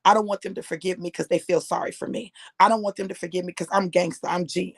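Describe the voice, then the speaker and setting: A middle-aged woman gives a personal testimony sermon in a gravelly, husky, fairly low voice with little pitch movement. She talks fast and conversationally with hardly any pauses, circling back and repeating phrases for emphasis. The recording is close and dry, with no room sound or echo.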